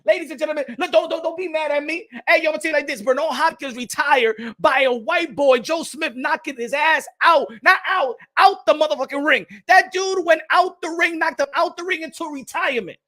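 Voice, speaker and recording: Boxing vlog host, man with a high pitched voice, heated profane rant with shouty bursts. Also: fairly quick, few pauses. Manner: repeats phrases, laughs at own points. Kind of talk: casual boxing commentary vlog.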